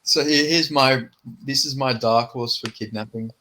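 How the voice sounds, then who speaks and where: A man's voice: medium pitch, moderate pace, sharp tone. A man co-hosting a podcast in casual, rambling chat, swearing and restarting a lot. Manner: rambling, profane, restarts often. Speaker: podcast co-host.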